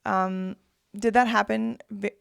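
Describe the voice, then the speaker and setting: Gravelly-voiced woman host. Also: medium pitch, fairly even intonation, slow, no echo, clean studio sound. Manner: thoughtful, searching for words. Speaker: podcast co-host. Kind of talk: interview questions.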